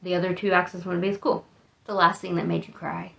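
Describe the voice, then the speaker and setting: Gravelly, chatty American woman vlogger. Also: on the low side, flat delivery, fast talker. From United States. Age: 30s. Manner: chatty, rambling, self-deprecating. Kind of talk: casual get-to-know-me vlog.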